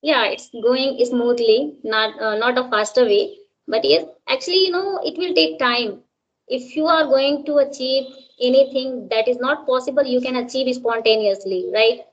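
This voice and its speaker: A woman with an Indian English accent chats casually as an English teacher. Her voice sits high, and she keeps ending sentences with "right?". The recording sounds dull and lo-fi. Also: moderate pace. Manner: frequent tag "right?". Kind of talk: casual conversation practice.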